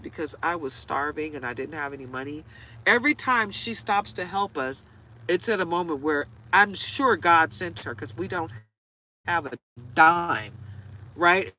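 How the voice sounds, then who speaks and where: Chatty woman with a bright voice. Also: fairly low pitch, lively intonation, moderate pace, rough recording. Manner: chatty storyteller, laughs often, gets choked up. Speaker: tarot reader. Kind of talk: casual chat to camera. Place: inside a parked truck.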